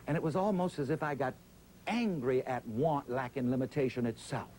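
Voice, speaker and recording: A man, interviewed as a preacher, tells his story with a dramatic, drawn-out pulpit cadence. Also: mid-range voice, darkish tone, a little hiss or hum, low-quality recording.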